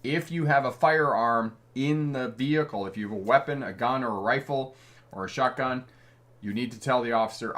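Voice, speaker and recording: A middle-aged Canadian man leads a live stream as a driving instructor, chatting amiably through viewer comments and chuckling regularly. He has a mid-range voice, a fairly bright tone, and a moderate pace.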